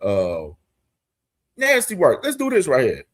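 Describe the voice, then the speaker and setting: A man's voice: a little high, wildly swooping pitch, measured pace. A young man hosting a casual boxing commentary stream, talking in loose slang, repeating himself and breaking into hard laughter. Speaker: boxing show host.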